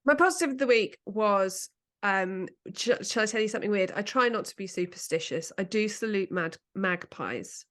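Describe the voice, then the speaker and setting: A middle-aged English woman with a British accent, co-hosting a podcast in casual chat and telling lively anecdotes with laughter and the odd swear word. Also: medium pitch, normal speed. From England. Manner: animated storytelling, laughs and swears freely. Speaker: podcast co-host.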